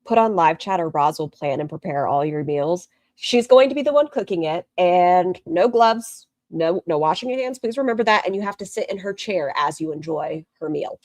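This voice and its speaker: A woman's voice: fairly low pitch, animated, normal speed, hardly any pauses, darkish tone, no room sound, clean studio sound. A woman hosting a reaction stream, commenting in a sarcastic, mocking way.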